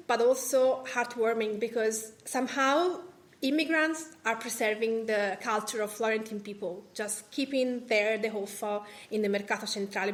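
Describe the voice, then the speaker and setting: A woman from Italy with an Italian accent, a food writer and podcast host talking on a live panel, chatty, with many fillers and restarts. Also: on the high side. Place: cultural association event room.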